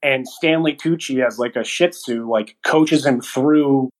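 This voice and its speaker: A young man co-hosting a movie podcast, telling the story in a casual, animated way, acting out quotes and laughing often. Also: mid-range voice, unhurried, rough recording. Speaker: podcast co-host reviewing movies. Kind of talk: casual chat.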